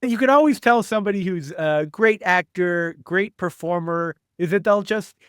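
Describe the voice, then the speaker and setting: A man's voice: sits high, moderate pace, a bit bright, clear, resonant tone, dry recording, studio quality. A man hosting an indie film podcast, asking questions and praising his guest with enthusiasm. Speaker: podcast host. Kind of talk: podcast interview.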